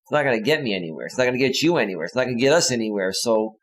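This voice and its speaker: A man's voice: medium pitch, expressive, very fast. A male relationship coach giving casual advice in an earnest, lecturing way.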